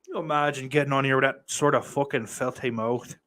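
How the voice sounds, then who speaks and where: A man's voice: mid-range voice, steady tone, brisk, a bit bright. A man hosting a live podcast stream, talking casually and sardonically with plenty of profanity and mock threats. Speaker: podcast host reading live chat.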